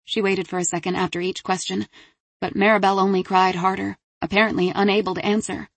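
Brief: steady female audiobook narrator, dry studio read. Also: mid-range voice, dry recording. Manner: steady, measured. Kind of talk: scripted narration.

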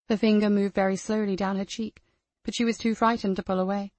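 A woman reading a crime novel aloud as the narrator, in a measured storytelling manner. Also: mid-range voice, level tone, dry recording. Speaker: audiobook narrator. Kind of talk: scripted narration.

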